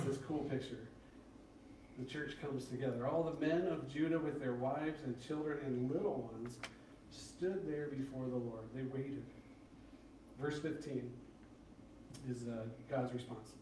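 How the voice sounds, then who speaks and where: A man preaching a conversational sermon, acting out prayers and complaints in a lively, rising voice. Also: noisy background. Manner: conversational, acts out prayers with rising excited pitch. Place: church sanctuary. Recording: very echoey church from far off.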